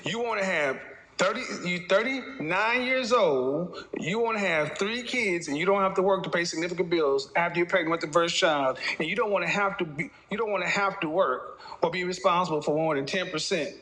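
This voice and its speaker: This man's voice sits high and sounds pushed and bright as he riffs casually on dating. Speaking straight to his listeners, he's mocking and preachy, now and then dropping into brief impressions.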